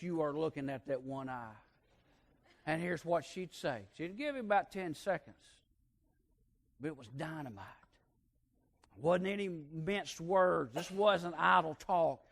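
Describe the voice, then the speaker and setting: A man preaching a sermon, telling a folksy story and swinging between hushed and loud emphasis. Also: on the high side.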